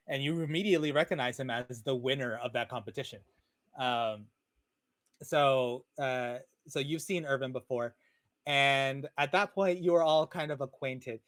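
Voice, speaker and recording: A man narrating as game master of a tabletop game, talking in a relaxed, rambling way with many fillers over a video call. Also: medium pitch, moderate pace, dry recording. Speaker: dungeon master.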